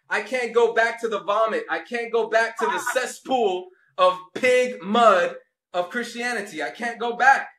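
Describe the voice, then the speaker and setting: A man's voice: high-pitched, bright, forceful tone, echoey room. A man rebuking a caller, taunting and sarcastic in a preachy rant. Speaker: religious video host.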